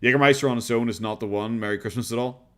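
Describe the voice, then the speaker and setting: A man's voice: medium pitch, fairly even intonation, racing, fairly bright tone. Irish male streamer, easygoing and rambling, casual reaction-stream chat.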